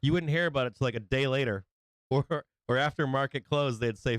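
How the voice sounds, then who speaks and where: A man's voice: mid-range voice, quick pace, clear, resonant tone, no room sound. Male stream host, loose profane rambler, clean dry close sound. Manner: rambling, swears a lot, acts out quotes. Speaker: livestream trading host. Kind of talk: casual profane chat.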